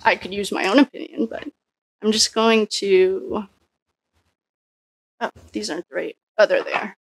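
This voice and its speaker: Woman tarot reader, gravelly fry, dry close sound, rambling think-aloud delivery. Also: medium pitch, moderate pace, no room sound. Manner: musing, thinks aloud with frequent restarts. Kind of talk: casual solo tarot reading.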